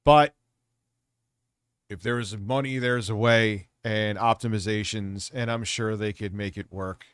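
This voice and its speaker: A man's voice: fairly low pitch, fairly even intonation, a little slow, clear, resonant tone, no room sound, studio quality. A man hosting a casual livestream, talking in a rambling, jokey, off-the-cuff way. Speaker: livestream host.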